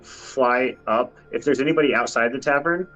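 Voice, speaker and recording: A man playing a tabletop game, describing his character's actions in a playful, deadpan way. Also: mid-range voice, moderate pace, poor audio. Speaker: player. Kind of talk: casual tabletop play.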